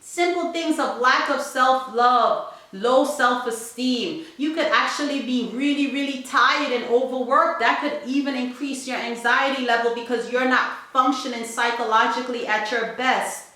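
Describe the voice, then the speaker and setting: A woman's voice: high-pitched, normal speed, pushed and bright. A woman giving an emphatic, preachy motivational talk to parents and repeating points for stress. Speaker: family vlogger. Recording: very echoey room.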